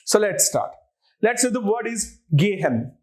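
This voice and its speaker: A man's voice: sits high, very animated, a little slow, a little mellow. A man with an Indian English accent, teaching an online language lecture and patiently spelling words out letter by letter.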